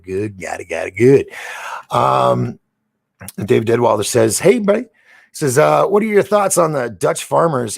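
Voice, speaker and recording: Gravelly man reading news on a live stream. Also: on the low side, no room sound. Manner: reads news aloud haltingly, stumbles on names, chats with viewers. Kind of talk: casual live-stream commentary.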